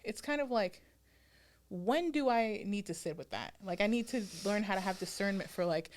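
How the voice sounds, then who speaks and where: A woman's voice: medium pitch, normal speed. A woman co-hosting a podcast in casual chat, thinking aloud in a reflective way with lots of filler words. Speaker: podcast co-host.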